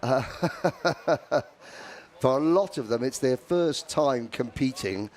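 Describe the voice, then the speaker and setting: A man's voice: mid-range voice, expressive, takes it slowly, a little mellow. A man giving live karting commentary, chatty and rambling with asides.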